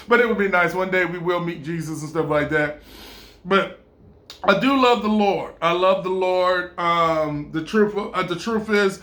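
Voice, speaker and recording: A man talking in a rambling, casual monologue, animated and stammering, often laughing and breaking into playful impressions. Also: sits high, a little slow, roomy sound.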